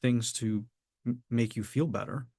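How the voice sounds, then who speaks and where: A man giving a reflective coaching talk, measured and often acting out what people say. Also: medium pitch, creaky, warm tone, slightly rough, no room sound, studio quality. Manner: measured, acts out quoted people. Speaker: spiritual coach.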